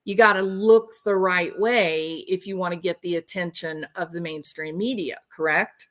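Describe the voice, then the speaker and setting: A woman's voice: on the low side, fairly even intonation, moderate pace, a bit bright. A woman hosting a true crime livestream, talking casually and animatedly, laughing and mocking people with impressions.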